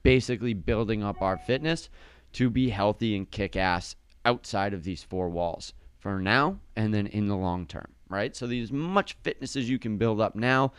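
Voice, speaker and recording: Upbeat coach, deep smooth voice, slight lisp. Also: male voice, normal speed, no room sound. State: slight lisp from a sore tongue. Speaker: fitness coach and podcast co-host. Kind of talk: casual podcast chat.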